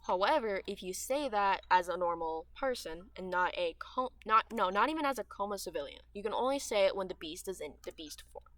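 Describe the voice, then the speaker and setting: A teenage girl rambling through gameplay chat in a bright, clear voice. Her throat is dry and sore, and she smacks her lips as she hops between thoughts with fillers and restarts. The sound is close and dry, with no room around it. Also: medium pitch, expressive, brisk, few pauses, no echo. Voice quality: dry mouth with audible lip smacking. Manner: chatty and meandering, with frequent fillers and trailing restarts. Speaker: gaming streamer.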